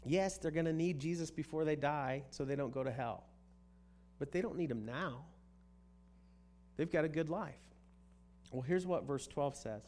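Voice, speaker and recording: A man's voice: fairly high pitch, normal speed, long pauses, a little mellow. Man, pastor, sermon, conversational, restarts phrases, faint hum behind. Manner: conversational, repeats words as he restarts.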